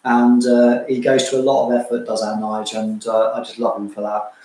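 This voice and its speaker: A man's voice: medium pitch, monotone, a little fast. A man co-hosting a casual livestream chat, joking and thanking viewers by name. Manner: chatty, jokey, thanks viewers warmly by name. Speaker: co-host of a fragrance channel livestream. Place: room at home. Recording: very echoey room.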